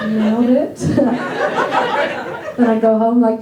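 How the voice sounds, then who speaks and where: High-voiced woman doing stand-up in a roomy club. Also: animated, extremely slow, pauses often, a loud crowd. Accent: American. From Northern Ireland. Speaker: stand-up comedian. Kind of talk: stand-up comedy set. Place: comedy theater stage before a laughing audience. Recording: roomy club sound from a distance, audience laughter.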